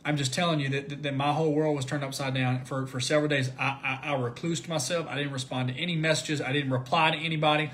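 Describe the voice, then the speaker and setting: A man giving an informal Bible study talk, animated, often repeating words and rising to near shouts at high points. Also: quick pace, hardly any pauses, slight background noise. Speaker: Christian video preacher.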